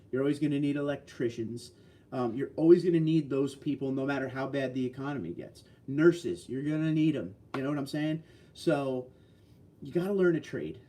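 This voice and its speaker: A man in his sixties hosts a casual livestream, reading out chat messages and replying in a blunt, folksy, opinionated manner. His voice is a little high and warm.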